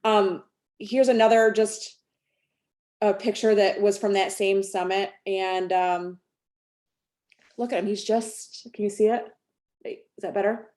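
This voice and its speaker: A woman's voice: medium pitch, fairly even intonation, unhurried, pauses often, darkish tone. Chatty woman telling a team story. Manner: chatty, rambling, many fillers and restarts. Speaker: sales team director. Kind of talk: casual storytelling on a team call.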